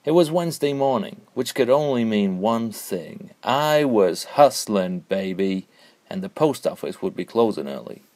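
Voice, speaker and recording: Deadpan man, mock noir narration. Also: lowish voice, a little slow. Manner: deadpan, noir-style storytelling. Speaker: comedian narrator. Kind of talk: mock hard-boiled comic narration.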